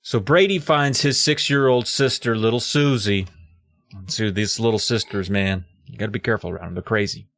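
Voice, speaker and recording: A man co-hosting a podcast, recapping a story in a jokey, animated way. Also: fairly low pitch, moderate pace, dry recording. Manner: animated, jokey, acts out characters. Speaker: podcast co-host.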